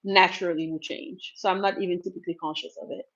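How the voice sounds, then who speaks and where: A woman's voice: fairly low pitch, steady tone, fast, a bit bright, lo-fi sound. A woman from Cameroon hosting a casual live Q&A, chatting with viewers and reading out their comments. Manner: chatty, laughs often, reads out viewer comments. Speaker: livestream host.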